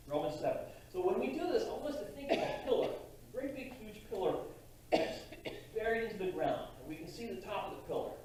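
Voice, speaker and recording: A man preaching a sermon as pastor, in a conversational, halting way with frequent restarts. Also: on the high side, mellow, a little hiss or hum. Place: church sanctuary. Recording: distant mic in a very echoey church hall.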